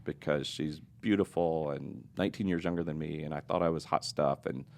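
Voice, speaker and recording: Speaking fairly quickly in a steady tone, a middle-aged man with an extremely deep voice and rough, gravelly fry recounts a personal story on a podcast. The interview has him earnest, confessional and reflective.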